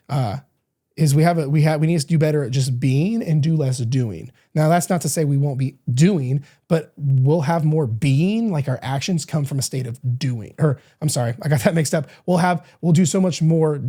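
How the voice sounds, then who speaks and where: A man with a fairly high, mellow voice hosts a podcast as a coach. His casual, reflective monologue is earnest and rambling, full of restarts and self-corrections.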